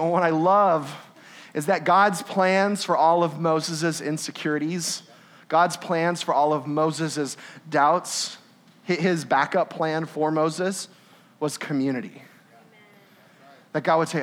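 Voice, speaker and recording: A man's voice: on the high side, a little slow. A young man preaching a sermon in a conversational way, often asking "right?" and acting out little scenes. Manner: animated and conversational, with laughs and tag questions. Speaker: pastor.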